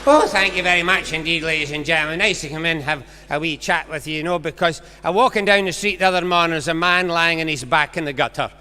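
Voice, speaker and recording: A Scottish man doing a stand-up comedy monologue on stage, telling jokes and acting out quick exchanges. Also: on the high side, sharp tone, clear, resonant tone, a faint crowd. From Scotland. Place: large concert hall on stage. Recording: live hall recording with long reverb.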